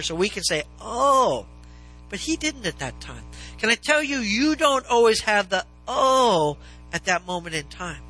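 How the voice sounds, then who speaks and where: Animated high-voiced male preacher. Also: low-quality recording. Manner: animated, rising to near-shouts in dramatized questions. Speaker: pastor. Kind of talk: sermon. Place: church sanctuary with congregation.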